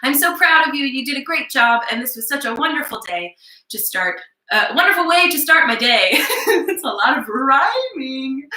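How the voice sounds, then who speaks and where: A woman with a high, very bright voice leads small children through circle time over a webcam. She speaks softly and playfully, slowing down for affirmations she wants them to repeat. The room sounds echoey. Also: expressive. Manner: soft, encouraging and playful, with slow spoken affirmations. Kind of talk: gentle lesson for young children.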